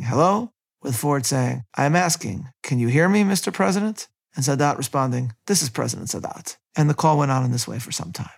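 A man giving a history lecture, reading long quotations from books in a measured way. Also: medium pitch, vocal fry, slightly rough. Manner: measured, quotes sources.

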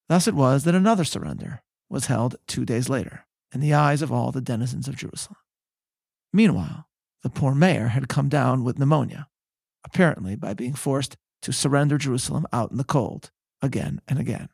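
A man hosting a podcast, giving a measured, scripted historical narration and reading quotations aloud. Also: medium pitch, creaky, darkish tone, breathy edge, no room sound, clean studio sound. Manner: measured, storytelling, reads quotes aloud. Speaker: podcast host.

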